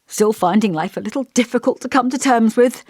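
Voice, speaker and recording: A woman reading an audiobook and voicing a kindly, hesitant male village vicar with a gentle, scholarly voice. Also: fairly high pitch, a little fast, dry recording, studio quality, voice pushed up. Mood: genial. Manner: kindly, hesitant, over-polite. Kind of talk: audiobook character voice.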